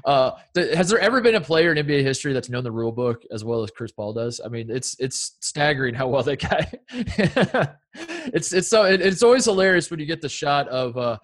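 A man co-hosting a casual sports chat, excitable and laughing as he acts out coaches' rants. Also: on the high side, brisk. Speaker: co-host.

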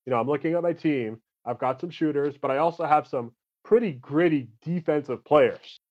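A man's voice: on the high side, normal speed. A man hosting a casual sports podcast, joking and restarting his sentences as he makes his picks. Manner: relaxed, joking, restarts often. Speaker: podcast host. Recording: dull lo-fi audio.

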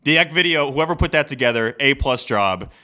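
A man co-hosting a podcast in casual, rambling sports chat, animated and laughing often. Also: mid-range voice, a little fast. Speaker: podcast co-host.

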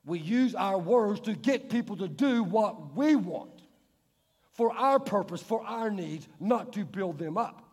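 A man with a high-pitched voice preaches to his congregation, pressing his points with rhetorical questions. He slows to a crawl to hammer key words home. His voice rings through a large church with a long, lingering reverb. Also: lively intonation, darkish tone, breathy edge. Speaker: pastor. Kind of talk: sermon. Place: large church hall with screen.

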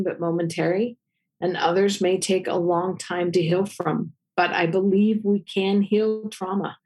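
Middle-aged woman therapist, interview guest; slightly low voice, expressive and chatty. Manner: expressive storyteller, acts out dialogue with big pitch jumps. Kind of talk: interview answers.

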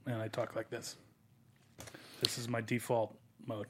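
A man in a relaxed sports chat, talking loosely with plenty of fillers. His voice sits at an ordinary middle pitch. He slips into playful, higher voices to act out what others said. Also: measured pace. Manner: animated, acts out players' quotes in higher voices. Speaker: podcast co-host.

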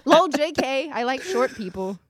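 A woman's voice: sits high, big pitch swings, normal speed, dry recording. A woman co-hosting a livestream podcast, reading chat comments aloud with frequent laughs. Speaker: podcast co-host.

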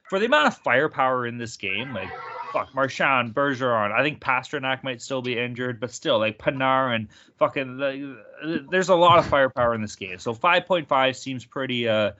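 Upbeat laughing man hosting, bright voice. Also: medium pitch. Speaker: podcast host. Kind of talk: casual sports betting chat. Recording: dull lo-fi sound.

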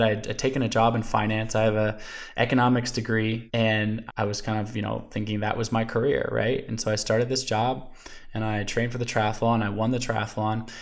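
Earnest, animated male storyteller. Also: lowish voice. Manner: earnest, animated storyteller with frequent "you know" and "like". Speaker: podcast guest. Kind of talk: conversational storytelling interview.

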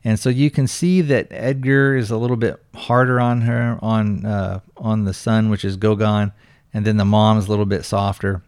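A man's voice: fairly low pitch, steady tone, normal speed, darkish tone, clear, resonant tone, no echo, clean studio sound. A man hosting a solo podcast in a casual, rambling way, loosely retelling a film's scenes with frequent fillers. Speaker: podcast host reviewing movies.

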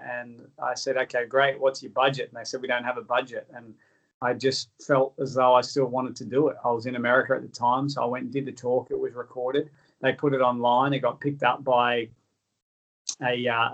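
A man's voice: mid-range voice, low-quality recording. Earnest Australian man telling stories. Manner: earnest, rambling, repeats words when starting sentences. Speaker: guest author. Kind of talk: conversational interview storytelling.

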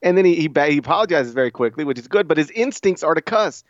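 A man in his thirties co-hosting a sports podcast, bantering in animated, laughing casual chat. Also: on the high side, quick pace, no room sound. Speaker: podcast co-host. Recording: dull, lo-fi sound.

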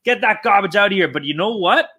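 A man with a high, sharp, bright voice rants through a casual sports betting podcast. He swears constantly and talks in a loose, worked-up way. He sounds tired. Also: lively intonation, fast talker, husky. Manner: profane, ranting, heavy swearing. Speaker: podcast co-host.

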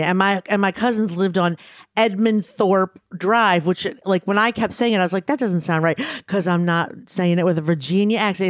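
A woman co-hosting a podcast in casual chat, talking in a chatty, teasing way with quick asides. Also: medium pitch, no room sound, clean studio sound. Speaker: podcast co-host.

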